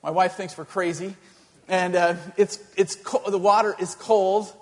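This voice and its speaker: A male pastor telling a story in a sermon, animated and halting, with many restarts. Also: high voice, big-room sound.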